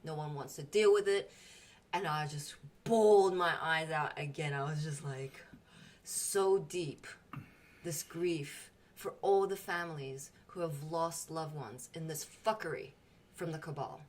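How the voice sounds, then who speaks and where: A woman with a somewhat low voice talks casually in a spiritual group. She tells personal stories with a lot of emotion, swearing freely and getting animated. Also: unhurried, far from the mic.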